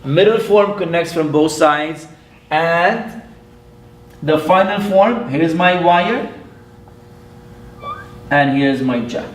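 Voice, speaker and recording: A man, an imam, teaching a classroom lesson, patient and playful, repeating sounds slowly for his students. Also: a little high, a little hiss or hum. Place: mosque classroom. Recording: echoey room.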